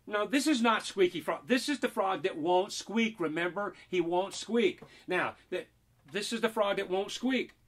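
A man's voice: high-pitched, lively intonation, normal speed, fairly bright tone. A man performing a magic trick and talking children through it with playful, teasing, mock-indignant patter.

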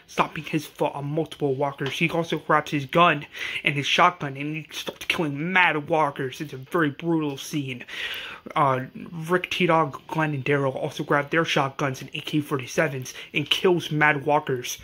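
A man casually recapping an episode as channel host, excitable and rambling, with many restarts and slang. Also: on the high side, moderate pace, breathy edge.

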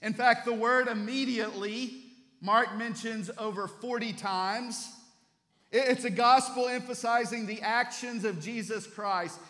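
A male pastor delivers a Sunday sermon in a church. His voice sits high and sounds bright and forceful. The long reverb of the sanctuary trails behind each phrase as he tells animated stories and doubles back on his words. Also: a little slow. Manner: animated storytelling preacher, repeats words as he restarts.

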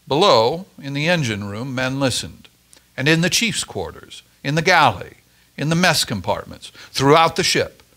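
Man reading a christmas story at church, really lively up and down, bright tone. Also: medium pitch. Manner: expressive, dramatic storytelling. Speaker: story reader at a church Advent service.

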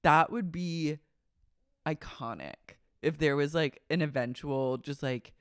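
A man's voice: fairly high pitch, takes it slowly, fairly bright tone, clear, resonant tone, no room sound, clean studio sound. A young adult man co-hosting a podcast, riffing on a reality show with snarky, bold jokes. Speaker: podcast co-host. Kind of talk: casual gossip chat recapping a reality show.

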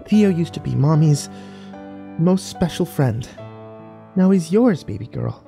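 A man's voice: on the high side, expressive, unhurried, vocal fry, dark tone, faint music behind, pitched above the performer's own voice. A man voicing a tender young mother who talks to her toddler in a sing-song, cooing way.

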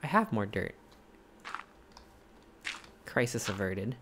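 A streamer chatting with viewers while playing a game live, thinking aloud in hesitant questions and gasping in excitement at each new find. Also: low voice, unhurried, gravelly, long pauses, a little hiss or hum. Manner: excitable, gasping and exclaiming at discoveries.

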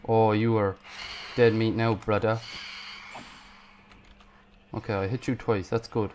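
A man giving casual gameplay commentary, panicking, swearing and yelling at enemies. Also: on the low side, little pitch movement, takes it slowly, slight background noise. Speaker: gaming YouTuber.

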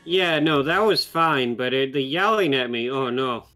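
A man's voice: mid-range voice, lively intonation, measured pace, pushed and bright, soft background music. A young man co-hosting a let's play, giving game tips and making dry, sarcastic asides. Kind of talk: casual gameplay chat.

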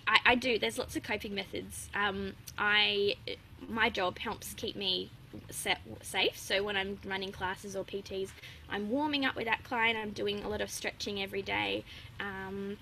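A young woman talks openly and chattily as an interview guest, with plenty of ums and likes. Her voice is bright and forward, and faint noise sits behind it. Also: medium pitch, moderate pace, rough recording. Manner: open, chatty, laughs often, many fillers. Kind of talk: casual interview chat.

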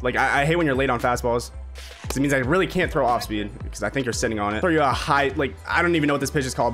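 A man giving casual, excitable commentary as he plays a baseball video game, swearing and trash-talking his own players. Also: medium pitch. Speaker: gaming video creator. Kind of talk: casual live gameplay commentary.

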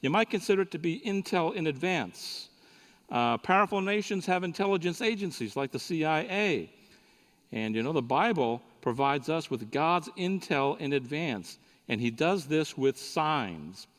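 A man's voice: a little high, expressive, moderate pace, fairly bright tone. A man giving a sermon at a conference, telling a folksy joking story to the audience. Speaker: conference speaker. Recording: reverberant hall recording.

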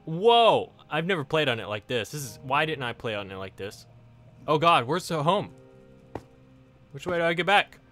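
A man giving casual Let's Play commentary to his viewers, excitable, exclaiming and laughing often. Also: on the high side, moderate pace, faint music behind. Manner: talks directly to viewers. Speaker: gaming YouTuber.

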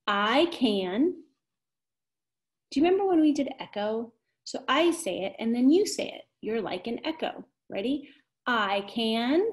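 A woman teaching a kindergarten math video lesson, cheerful and encouraging, with an exaggerated voice for young children. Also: on the high side.

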